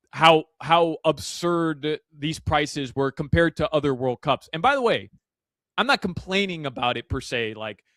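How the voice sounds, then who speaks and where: A man as a guest analyst in a casual sports radio chat, animated and full of fillers and restarts. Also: a little high, no echo. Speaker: soccer betting analyst guest. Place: Miami.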